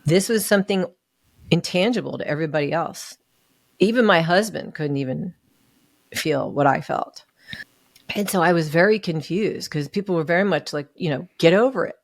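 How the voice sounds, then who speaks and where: A woman's voice: on the low side, normal speed, dry recording, studio quality. A woman guest on a podcast, sharing a hard personal story in an earnest, emotional way. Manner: earnest, emotional, acts out what others said. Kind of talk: candid personal story in an interview.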